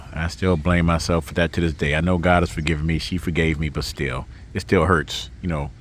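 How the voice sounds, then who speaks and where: A man talking in a casual personal vlog outdoors, reflective and halting, close to tears, speaking into a handheld camera as he walks. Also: very deep voice, fairly even intonation, sharp tone, slight background noise. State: tearful. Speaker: vlogger. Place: outdoors walking in a neighborhood.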